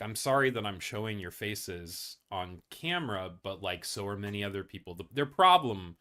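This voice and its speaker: A young man hosts a laid-back news livestream, reading stories and chatting with viewers. His voice is bright and pushes forward, sitting at an ordinary pitch. He rambles, stumbles over words and pokes fun at himself along the way. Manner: rambling, self-deprecating, many fillers and restarts. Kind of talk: casual news livestream commentary.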